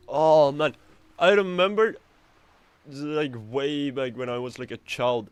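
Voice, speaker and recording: A man's voice: on the high side, slow, clear, resonant tone, dry recording. A man streaming a video game live, chatting and rambling casually and swearing freely. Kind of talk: casual live gameplay commentary.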